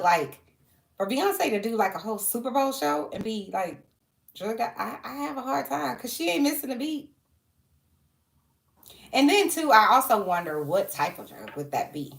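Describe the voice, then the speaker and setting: A woman's voice: mid-range voice, vocal fry, fairly bright tone, reverberant. A woman chatting casually on her vlog in a rambling way, jumping between side stories. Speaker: social worker and vlogger. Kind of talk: casual chat.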